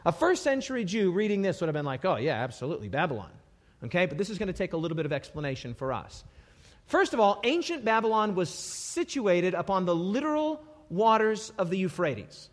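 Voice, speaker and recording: A man's voice: high voice, very animated, brisk. A man preaching a sermon, reading scripture dramatically with sudden emphatic bursts. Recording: long reverb of a hall.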